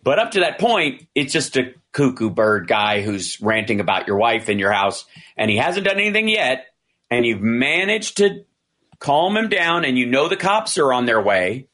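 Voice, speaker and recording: A man talking things through in a loose, conversational way, circling back and restarting his sentences. His pitch sits in the usual middle range for a man. He slips into quoted lines as he retells what happened. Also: normal speed. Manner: animated retelling, acting out quoted dialogue; frequent restarts and fillers. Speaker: commentator. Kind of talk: casual discussion.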